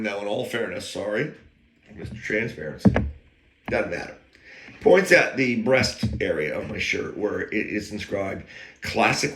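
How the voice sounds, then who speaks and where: Man, low voice, rambling wry storyteller, echoey room. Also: fairly bright tone, a little hiss or hum. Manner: rambling, with wry self-aware digressions. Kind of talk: casual anecdote telling.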